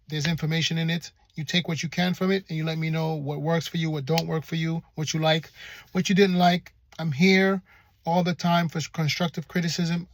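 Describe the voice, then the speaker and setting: High-voiced, firm man vlogging. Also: no echo. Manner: assertive, firm and passionate; repetitive, rhetorical questions. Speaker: relationship vlogger. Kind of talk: motivational vlog monologue.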